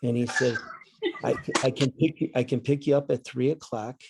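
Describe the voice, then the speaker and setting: A man's voice: medium pitch, fairly even intonation, normal speed, noisy background. An older man, a retired coach, telling stories in a rambling casual chat, often repeating words. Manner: rambling, repeats words, acts out his dad in the story. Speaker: guest, retired basketball coach.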